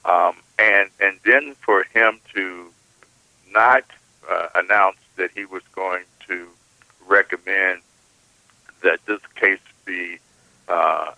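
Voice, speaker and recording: Slow deep-voiced man with halting delivery. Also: no echo, phone-quality sound. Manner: halting, repeats words often. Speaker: guest. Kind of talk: political commentary.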